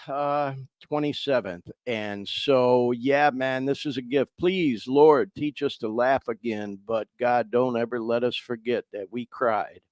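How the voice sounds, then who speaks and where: A man's voice: medium pitch, measured pace, few pauses, no echo. A man hosting a podcast, talking casually and heartfelt, choking up as he speaks. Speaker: podcast host.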